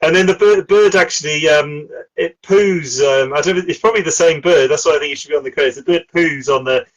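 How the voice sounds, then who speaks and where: A man's voice: on the high side, brisk, lo-fi sound. A middle-aged man, chatting casually about films as a podcast host, with lots of fillers and frequent laughs. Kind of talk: casual film chat.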